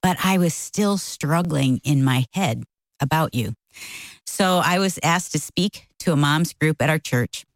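On a laid-back talk show, this middle-aged co-host spins a story in an unhurried way, performing quotes with dramatic jumps in her voice. Her delivery is animated. The recording is rough but has no room sound.

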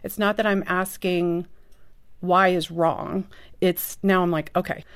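Woman guest opening up, earnest and reflective, voice a bit low. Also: fairly even intonation, slow, clear, resonant tone. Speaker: guest, mother of a disabled son. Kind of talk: candid personal testimony.

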